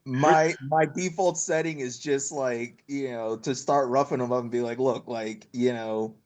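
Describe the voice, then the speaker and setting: A man's voice: mid-range voice, steady tone, moderate pace, darkish tone. A man playing a tabletop role-playing game, talking casually with lots of fillers. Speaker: player.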